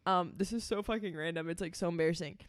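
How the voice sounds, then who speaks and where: A woman in her twenties co-hosting a casual podcast, telling stories in a chatty, animated way and swearing freely. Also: on the low side, fast talker, dry recording, studio quality. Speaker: podcast co-host. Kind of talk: casual chat.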